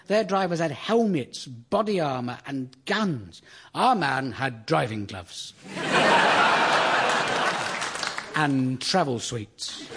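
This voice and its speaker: A man with a medium-pitched, somewhat bright, husky voice performs a dry, self-mocking stand-up routine as the host of a radio show. He plays to a live studio audience in a theatre studio.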